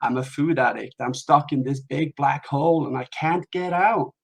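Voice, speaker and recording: A man's voice: on the high side, moderate pace, vocal fry, breathy edge. A man voicing a desperate male food addict stuck in a hole, begging for help. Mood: pleading. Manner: pleading, repetitive cries for help.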